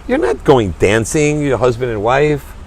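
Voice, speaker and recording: A man's voice: mid-range voice, expressive, unhurried, darkish tone. Male guest, passionate and emphatic, restarts sentences; light street noise in the background. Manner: earnest, emphatic, repeats words when starting sentences. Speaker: restaurant owner and charity chairman, guest. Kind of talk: passionate interview talk.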